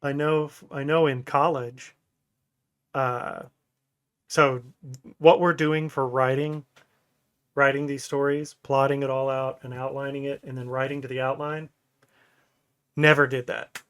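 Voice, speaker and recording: A man in his thirties co-hosts a relaxed podcast, wandering through stories with frequent laughter. His voice sits at a mid pitch. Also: a little slow, long pauses, smooth. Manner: rambling storyteller who laughs often. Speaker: podcast co-host. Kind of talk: casual podcast chat.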